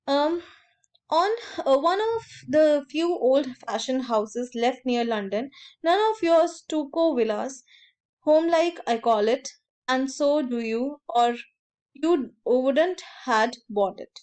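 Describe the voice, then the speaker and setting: A woman teaching a literature lesson, reading quoted lines from a story and then paraphrasing and explaining them with many pauses and fillers. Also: high-pitched, lively intonation, darkish tone.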